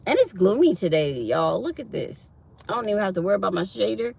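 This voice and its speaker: A middle-aged woman vlogging a casual morning chat from her truck, telling stories in an animated, chatty way. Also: mid-range voice, fast talker, creaky, husky.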